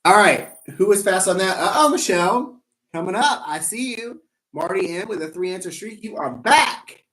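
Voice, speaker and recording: A man's voice: sits high, expressive, normal speed, bright, forceful tone. A man hosting a live trivia game, playful and rambling, teasing himself in asides between questions.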